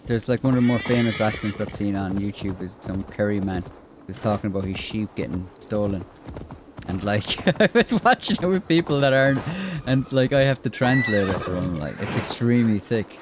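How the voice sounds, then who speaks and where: Chatty Irish man with a low voice. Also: animated, a little fast, noisy background. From Ireland. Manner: rambling, chatty, many fillers and restarts. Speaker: gaming streamer. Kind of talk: casual gameplay commentary.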